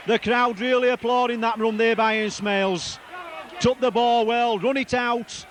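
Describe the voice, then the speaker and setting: A man giving live rugby league match commentary, excitable and rambling, repeating player names as the play moves. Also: very high-pitched, measured pace, slight background noise.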